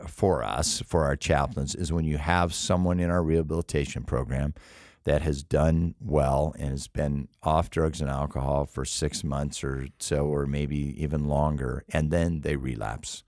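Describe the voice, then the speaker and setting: A man's voice: a bass voice, fairly even intonation, a little slow, a little mellow, dry recording, studio quality. A middle-aged man who leads a rescue mission, telling stories earnestly in an interview with frequent restarts. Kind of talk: interview conversation.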